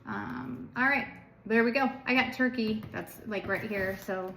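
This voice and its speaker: Her voice is a little high, a bit bright, and creaky as this US tarot reader talks a little slowly through a casual reading for viewers. She rambles chattily with lots of filler words, in an echoey room with noise in the background.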